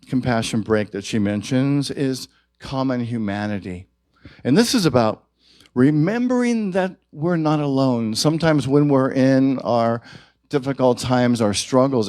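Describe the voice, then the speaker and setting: A man's voice: medium pitch, darkish tone. A man preaching a sermon at a church service, drawing the congregation in with questions and call-and-response. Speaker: minister.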